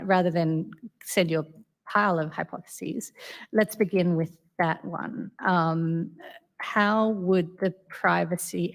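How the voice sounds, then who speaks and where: Woman panel moderator, slightly low voice, courteous and deliberate, ums often. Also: creaky. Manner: measured, polite, with frequent ums.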